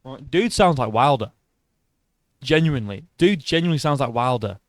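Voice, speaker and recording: A man's voice: medium pitch, animated, normal speed, dry recording. A man giving blunt, profane reaction commentary on boxing.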